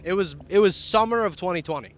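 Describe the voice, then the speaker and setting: A man with a Boston accent, a comedian chatting on a podcast from a canoe, telling profane, animated stories and laughing often. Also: sits high, fast talker, a little hiss or hum. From Boston, United States. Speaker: comedian guest. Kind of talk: casual podcast chat, telling funny stories. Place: in a canoe outdoors.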